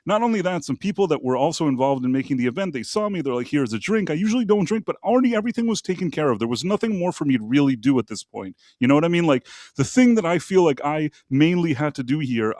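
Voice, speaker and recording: A man's voice: on the high side, a little mellow, no echo. Rambling male podcast host, dry sound. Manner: rambling, many fillers and asides. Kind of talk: casual storytelling on a live show.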